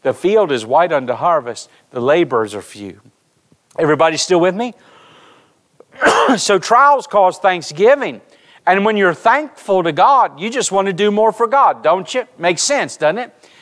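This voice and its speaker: In a church sanctuary, a pastor with a high, slightly slow voice preaches a sermon. He's an animated storyteller who speaks directly to his congregation.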